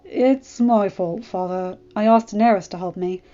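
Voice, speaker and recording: A woman plays a shy teenage boy, flustered and hesitant, a touch higher than her reading voice. The recording is slightly dull, with soft music behind. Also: normal speed, natural voice.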